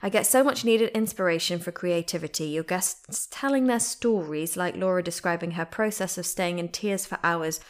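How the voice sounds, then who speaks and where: A woman's voice: lowish voice, normal speed, few pauses. A woman with a British accent hosting a podcast, reading listener emails aloud with bubbly, giggly asides. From Britain. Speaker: podcast host. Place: at home.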